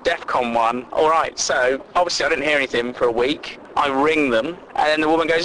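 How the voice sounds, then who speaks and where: A man's voice: a little high, a little fast, few pauses, a bit bright, a little hiss or hum, rough recording. A young man delivering a sweary, sarcastic comic rant full of exasperation. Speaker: vlogger.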